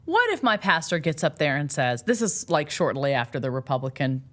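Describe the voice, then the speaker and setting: A woman's voice: deep voice, sing-song, brisk, a bit bright. A woman co-hosting a podcast, chatting casually with a teasing edge. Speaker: podcast co-host. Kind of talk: casual chat.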